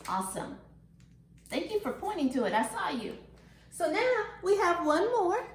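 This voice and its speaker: A woman teaching a phonics lesson to young children, animated and sing-song, stretching words out slowly. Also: extremely high pitch, roomy sound. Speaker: kindergarten teacher.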